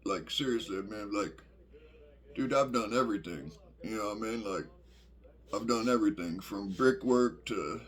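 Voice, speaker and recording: Profane rambling man, low voice. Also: normal speed. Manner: profane, rambling, many fillers. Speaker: vlogger. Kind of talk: casual rambling monologue.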